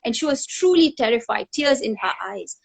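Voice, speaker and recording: A middle-aged woman hosting a conversational interview over a video call, telling stories in an animated way and laughing often. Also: on the high side, moderate pace, vocal fry, husky. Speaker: talk show host.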